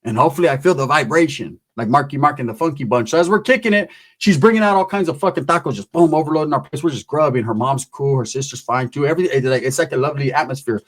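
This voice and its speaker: A man telling a comic story, animated and profane, acting out every character himself. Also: a little high, fast, few pauses. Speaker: comedian. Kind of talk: comedic storytelling.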